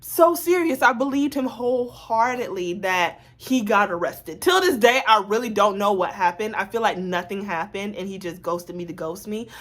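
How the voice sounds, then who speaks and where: A woman's voice: medium pitch, normal speed, few pauses. Chatty woman telling a story. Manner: animated and chatty, full of asides to viewers. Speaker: storytime vlogger. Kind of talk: casual storytime monologue.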